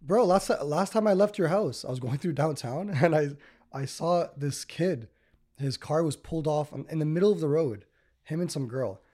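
This casual podcast host has a dark-toned, slightly high voice and a moderate pace. His storytelling meanders, and he fills it with plenty of "like" and "you know."

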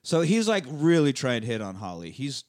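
A man hosting a podcast, recapping a movie in a loose, profane way and slipping into quick character voices. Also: medium pitch, big pitch swings, dry recording, studio quality. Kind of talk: casual chat.

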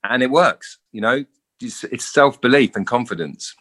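In a casual interview, an actor spins animated stories, voicing the people he quotes. He speaks at normal speed with a medium-pitched voice.

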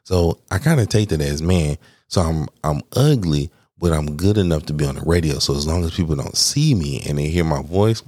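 A man hosts his own casual solo podcast, candid and rambling, laughing between phrases, swearing freely, and poking fun at himself. His deep, mellow voice, which people praise as made for radio, is animated and brisk, with no echo.

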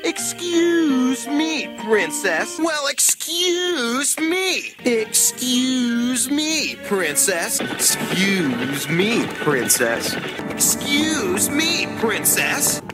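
An actor voicing a cocky young male cartoon hero, clipped from an old cartoon over loud music. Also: medium pitch, big pitch swings, drawn-out words, low-quality recording. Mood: smug. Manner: cocky, repeated catchphrase delivery.

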